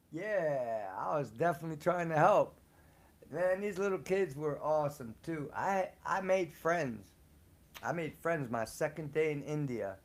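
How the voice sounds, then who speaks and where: A man's voice: a little high, animated, unhurried. A man casually telling personal stories, slangy and profane, laughing often. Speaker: storyteller on a live show. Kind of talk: casual storytelling.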